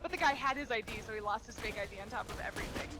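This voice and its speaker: A woman's voice: on the high side, crowd noise. A woman chatting casually while gaming, cracking jokes and telling a story. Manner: joking, quick to tell a story. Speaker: gamer.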